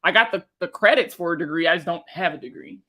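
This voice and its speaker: A woman's voice: on the low side, fast, bright, forceful tone. A woman rambling casually on a livestream, talking in a loose and profane way and laughing often. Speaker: personal finance creator and veteran.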